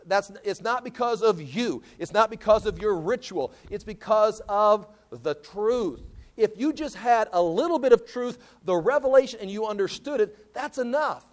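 A man's voice: high voice, lively intonation, normal speed. A male pastor teaching a verse-by-verse sermon, conversational and emphatic, often stopping to correct himself.

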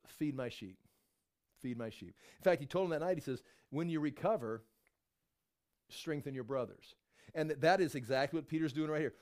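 A middle-aged man preaching a sermon, telling Bible stories with lively acted-out voices. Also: on the high side. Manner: animated storytelling, acts out voices of biblical figures. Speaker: pastor.

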